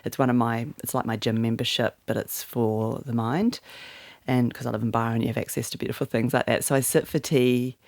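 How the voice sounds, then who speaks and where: A woman's voice: very deep voice, fairly even intonation, brisk, creaky, darkish tone, no room sound. A middle-aged woman from Australia, a guest author telling a personal story openly and reflectively in an interview. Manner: open, reflective, emotional storytelling. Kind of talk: candid interview conversation.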